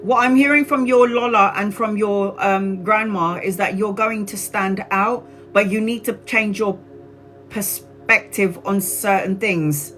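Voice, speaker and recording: A woman giving live-stream tarot readings in an excitable way, often laughing and exclaiming, and calling viewers sweetheart. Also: medium pitch, a little slow, faint music behind, low-quality recording. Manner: affectionate, calls viewers sweetheart. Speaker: tarot reader.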